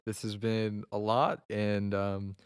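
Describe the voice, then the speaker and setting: A man's voice: on the low side, flat delivery, slow, clear, resonant tone, no echo, clean studio sound. A man hosting a podcast interview, mostly giving short affirmations and thanking his guest. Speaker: podcast host. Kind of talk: conversational interview.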